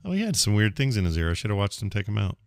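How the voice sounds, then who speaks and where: A man hosting a podcast in casual, jokey chat, animated and stumbling over names. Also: lowish voice, very fast, smooth. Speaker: podcast host.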